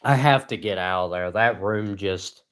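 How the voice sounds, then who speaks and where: A man rambling sarcastically on a livestream from inside a house, joking in deadpan asides. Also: on the low side, unhurried. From rural United States. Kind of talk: rambling comedic livestream chat. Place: indoors in a house.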